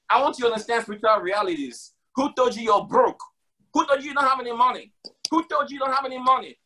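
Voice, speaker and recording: A man with a high, bright-sounding voice preaches a sermon. He drives his points home by repeating them, and he slips casual slang in between scripture quotes. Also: fast talker. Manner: emphatic, repeats lines for stress.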